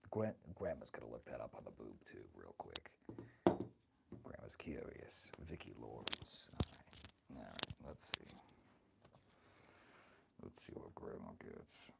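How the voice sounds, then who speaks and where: A man's voice: a bass voice, very animated, moderate pace, long pauses, exaggerated voice. A man voicing a crude, flirty grandmother of great age who teases her viewers and calls them honey, chatting with his stream audience in character. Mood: bawdy. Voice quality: gravelly. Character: crude flirty ancient grandmother, bawdy and vain. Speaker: livestreamer. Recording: noisy background.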